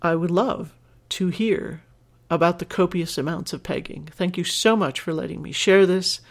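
A woman's voice: lowish voice, normal speed, creaky. A woman hosting a podcast, reading a listener's letter aloud and reacting in an earnest, emotional way, teary and laughing at times. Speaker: podcast host.

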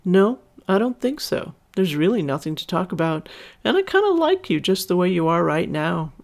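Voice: mid-range voice, big pitch swings, normal speed, creaky. A reader voicing a mocking, taunting young woman. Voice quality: mocking, sing-song.

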